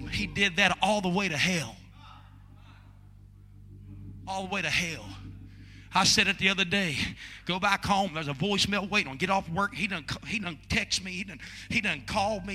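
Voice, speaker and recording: A man preaching a sermon in a church sanctuary, moving from hushed storytelling to shouted pleading. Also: high voice, big-room sound. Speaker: pastor.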